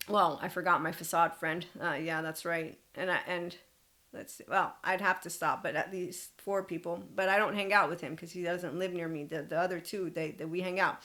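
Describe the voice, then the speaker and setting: A woman's voice: on the low side, bright, forceful tone. A woman hosting a solo podcast, talking bluntly and rambling, swearing freely, laughing often and correcting herself mid-sentence. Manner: rambling, restarts and self-corrections. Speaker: podcast host.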